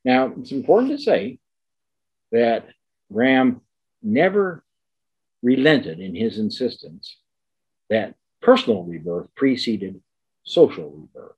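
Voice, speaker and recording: An older man giving an academic lecture, emphatic, repeating key words and slowing down to stress them. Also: medium pitch, very animated, breathy edge, lo-fi sound.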